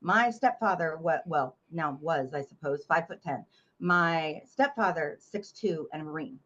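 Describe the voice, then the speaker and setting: A woman from North Carolina, a memoir author guest telling a story in a blunt, animated way and swearing freely. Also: low-pitched, moderate pace, highs cut off. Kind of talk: casual interview storytelling.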